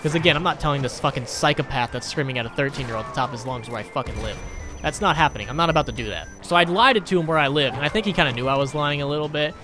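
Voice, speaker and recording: A man's voice: a little high, racing, music in the background. Crude, sarcastic young man telling a story. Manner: crude, sarcastic, rambling anecdotes. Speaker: gaming YouTuber. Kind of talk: storytelling over gameplay commentary.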